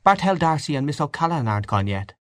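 A man's voice: on the high side, sing-song, fast, no room sound, clean studio sound, voice pushed up. A man playing an arch, teasing young woman.

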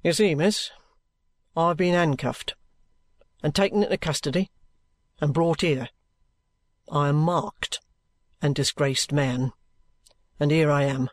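A man voicing a bluff, steady middle-aged ex-soldier who talks plainly and good-humouredly. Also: on the high side, takes it slowly, long pauses, no room sound, pitched below the performer's own voice.

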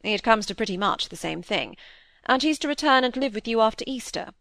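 A gallant bachelor gentleman of a period novel, as a woman narrator puts him on, polite yet pressing with his questions. The voice is dry and close, with no room around it. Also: on the high side, lively intonation, fairly quick, vocal fry, dry recording. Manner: courteous, probing. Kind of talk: audiobook character reading.

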